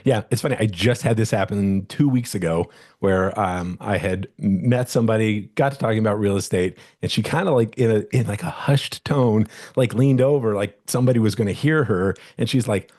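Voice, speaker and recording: A man's voice: fairly low pitch, moderate pace, a little mellow. A middle-aged man who is a real estate agent, teaching a webinar in a casual, rambling way with many restarts and fillers.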